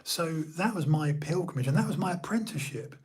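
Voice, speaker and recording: A man's voice: a little high, lively intonation, fairly quick, darkish tone, slightly rough. A middle-aged man from Bournemouth, telling old stories in a rambling casual chat full of fillers and restarts. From Bournemouth, England.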